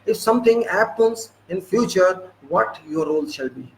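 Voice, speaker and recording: A man's voice: high voice, expressive, normal speed, gravelly, a little hiss or hum, rough recording. A man with an Indian English accent giving an impassioned lecture, scolding and firing rhetorical questions at his listeners. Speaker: political speaker.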